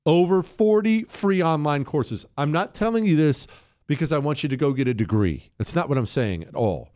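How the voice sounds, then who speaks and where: Sarcastic, combative male talk radio host. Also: normal speed. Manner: lively pitch swings, stressing words. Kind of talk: opinionated political talk radio monologue.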